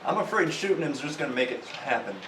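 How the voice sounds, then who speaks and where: A man's voice: on the high side, lively intonation, quick pace, a bit bright. A man playing a tabletop role-playing game who talks in a wry, thoughtful way. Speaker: player. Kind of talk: casual chat at a tabletop game. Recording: distant voice in an echoey room with noise.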